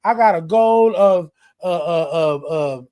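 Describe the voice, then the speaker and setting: A man's voice: high-pitched, unhurried, warm tone, clear, resonant tone. A man hosting a live morning stream, talking casually with an affectionate, repetitive, preacher-like delivery and greeting viewers by name. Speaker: host of a live morning show. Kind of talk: casual livestream talk. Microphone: streaming live on social media.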